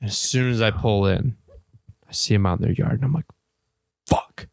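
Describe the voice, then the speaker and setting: A man co-hosting a casual podcast, telling a story with lots of laughter and high-pitched impressions of the people in it. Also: a little fast, no echo, studio quality. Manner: animated storyteller, mimics people in high voices, laughs often. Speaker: podcast co-host.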